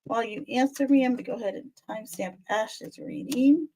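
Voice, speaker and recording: A woman's voice: on the high side, a little fast, dark tone, rough recording. A woman doing live-stream tarot readings, chatty and soothing, calling viewers "my dear" and "lovey". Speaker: tarot reader.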